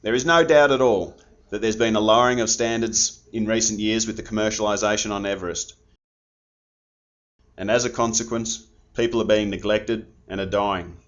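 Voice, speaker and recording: A man's voice: fairly low pitch, steady tone, moderate pace. An older man, speaking firmly and formally in an interview. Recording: dull lo-fi audio.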